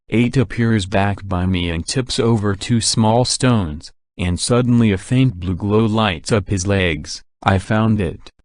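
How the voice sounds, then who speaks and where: A man narrating an audiobook in a steady, even reading. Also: fairly low pitch, no room sound, studio quality. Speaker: audiobook reader. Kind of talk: scripted narration.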